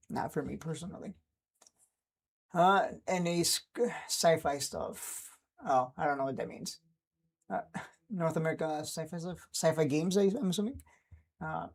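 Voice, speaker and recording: Streamer type, man in his 30s, mellow tone, keeps chuckling between remarks. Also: on the high side. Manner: laughs often, chuckling and upbeat. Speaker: stock trading streamer. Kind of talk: casual livestream chat.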